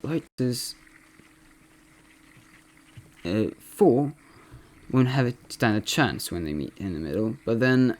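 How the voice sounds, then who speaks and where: A man's voice: mid-range voice, very animated, slow pace, long pauses, darkish tone. A man putting on an impression of a video game caster, commenting on a replay with many fillers and self-corrections. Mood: upbeat commentary.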